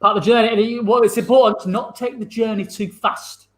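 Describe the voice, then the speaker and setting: A man's voice: high-pitched, fairly even intonation, brisk. A man doing improvised comedy, bantering in an exasperated, sweary way. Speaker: improv performer. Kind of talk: improvised comedy over video call.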